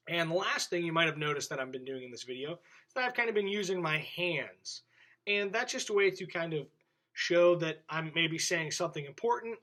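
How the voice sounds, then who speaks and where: A male teacher giving a video lesson to young children, speaking in a clear, friendly voice straight to the camera. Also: fairly high pitch, pushed and bright, rough recording. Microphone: camera in front of him.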